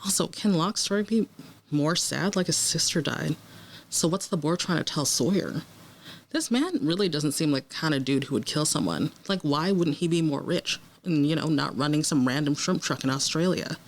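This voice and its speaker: A woman's voice: deep voice, expressive, moderate pace. A woman co-hosting a podcast, chatting casually as she reacts aloud to a TV episode and talks back to the characters on screen. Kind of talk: casual watch-along commentary.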